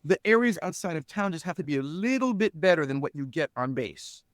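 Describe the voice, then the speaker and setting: A middle-aged man, founder of a spirits company, speaks briskly in clean studio sound with no room noise. As a podcast guest in a casual interview, he tells animated stories, acting out the people he quotes with pitch jumps and saying "you know" a lot.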